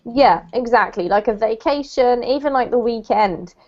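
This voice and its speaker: A woman's voice: fairly high pitch, moderate pace, a little mellow, lo-fi sound. A woman teaching an English lesson, patiently explaining meanings and word stress to her students. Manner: patient, explains pronunciation step by step. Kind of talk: online language lesson.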